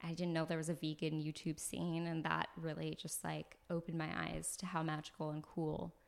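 A woman from Los Angeles chats through her story as a podcast guest, bubbly, with lots of likes and ums. Her voice sits on the lower side with plenty of gravelly vocal fry. She's recorded in an apartment. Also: normal speed. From Los Angeles, USA. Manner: chatty and animated, many likes and ums. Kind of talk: casual conversational storytelling. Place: floor of a new apartment.

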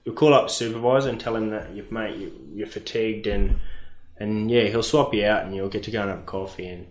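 A man's voice: lowish voice, steady tone. Easygoing man, echoey room. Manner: easygoing, rambling, halting. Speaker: mine truck driver, guest. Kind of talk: casual chat. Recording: roomy echo.

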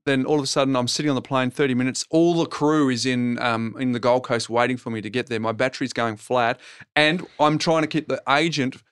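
A middle-aged Australian man spins an animated, rambling anecdote at a brisk clip, chuckling as he goes. His voice sits at an ordinary pitch and sounds close and dry, with no room around it. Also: clean tone, no echo. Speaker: podcast guest and TV property co-host. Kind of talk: casual storytelling conversation.

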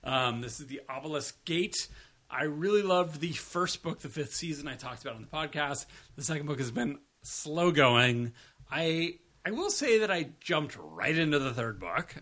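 Chatty man with a bright voice. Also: fairly high pitch. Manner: chatty and rambling, casual swearing. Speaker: podcast co-host. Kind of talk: casual review chat.

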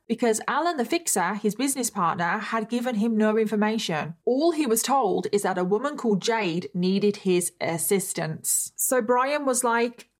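Woman, true crime storyteller, conversational and wry, average pitch. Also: expressive, moderate pace, few pauses. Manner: chatty with wry rhetorical asides. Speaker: true crime podcast host.

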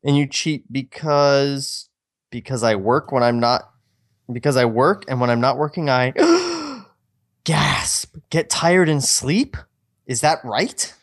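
A man voicing a cold, jealous young man in a screenplay read-through, with a flat, icy delivery. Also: medium pitch, slow. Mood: bitter. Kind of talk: reading a screenplay aloud.

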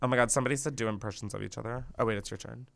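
A woman co-hosting a casual podcast chat, giggly and swearing, swinging between loud bursts and mumbled asides. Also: a bass voice, steady tone, very fast, vocal fry. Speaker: podcast co-host.

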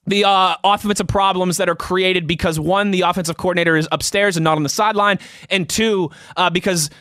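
Bright-voiced chatty sports host. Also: male voice, high-pitched, fairly even intonation, brisk, no room sound, clean studio sound. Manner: chatty, loose, laughs easily. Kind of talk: casual chat, reading listener tweets.

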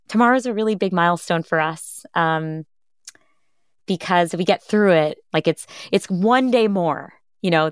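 A woman's voice: fairly low pitch, clear, resonant tone, no room sound, studio quality. A woman in her thirties, a podcast host, telling her own story in an interview, earnest and reflective, often reenacting what others said. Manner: earnest, reflective, quotes others in lively retellings.

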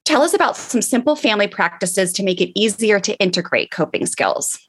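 A woman's voice: mid-range voice, brisk, slightly rough. Chatty woman podcast host. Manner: chatty, animated, many likes and you knows. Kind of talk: casual chat with promo read.

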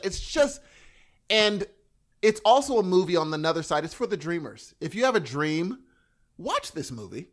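A man co-hosting a podcast, talking casually and enthusiastically with frequent restarts. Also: high-pitched. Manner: animated, enthusiastic, quick bursts and restarts. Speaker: podcast co-host. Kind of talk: casual chat.

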